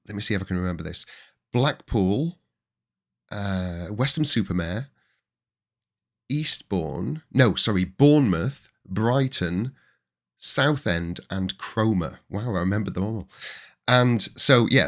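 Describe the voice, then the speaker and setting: A man's voice: lowish voice, a little slow. A man in his forties with a Yorkshire accent, hosting his own podcast and telling chatty stories from his working life in a casual way. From Yorkshire, England. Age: 40s. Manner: chatty and anecdotal, with bursts of excited emphasis. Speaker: podcast host. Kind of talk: casual storytelling monologue.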